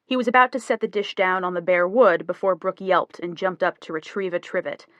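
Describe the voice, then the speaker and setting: A woman narrating a novel as an audiobook, in measured scripted storytelling. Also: fairly low pitch, fairly even intonation, a bit bright, no echo, muffled recording.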